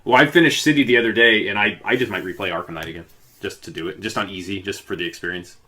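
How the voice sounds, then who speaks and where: Bright-voiced rambling man. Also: on the low side, fast. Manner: rambling, full of fillers. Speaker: podcast co-host. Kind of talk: casual chat.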